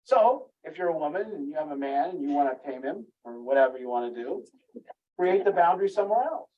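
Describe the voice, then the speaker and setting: A man's voice: fairly high pitch, animated, quick pace. A man telling a rambling, candid story in a group talk, laughing at himself now and then. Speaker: group speaker. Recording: muffled, distant room recording.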